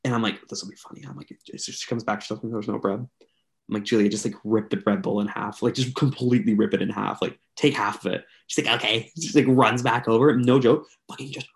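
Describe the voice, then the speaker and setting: A young man from Canada spins a long, chatty bar story for his podcast co-hosts. His voice sits fairly low and has a gravelly rasp. He keeps circling back with fillers as he talks. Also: fairly even intonation, fairly quick. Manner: rambling, filler-heavy, chatty. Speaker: podcast co-host. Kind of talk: casual storytelling among friends.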